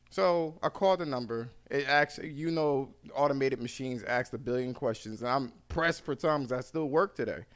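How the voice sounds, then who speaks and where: A man hosting a podcast, telling animated stories in casual, profane chat. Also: medium pitch, moderate pace, hardly any pauses, smooth. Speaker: podcast host.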